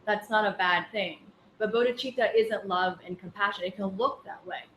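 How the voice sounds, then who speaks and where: A woman's voice: mid-range voice, moderate pace, a bit bright, slight background noise. Woman teaching a casual dharma class. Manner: conversational, anecdotal, many fillers. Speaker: Buddhist teacher. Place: class room. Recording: echoey room with faint ambience.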